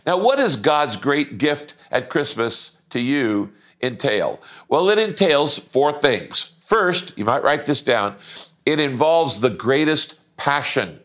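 A middle-aged man preaching a sermon, emphatic, slowing down to stress scripture. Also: medium pitch, big pitch swings, fairly bright tone. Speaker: pastor.

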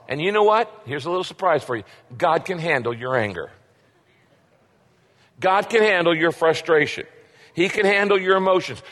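A man's voice: a little high, fairly bright tone. A middle-aged man preaching a sermon as a pastor, emphatic and repetitive, asking rhetorical questions. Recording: long hall reverb.

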